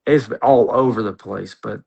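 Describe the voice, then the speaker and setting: A man, a podcast guest telling an animated, rambling, folksy story in casual conversation. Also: fairly low pitch, moderate pace, gravelly, husky, dull audio.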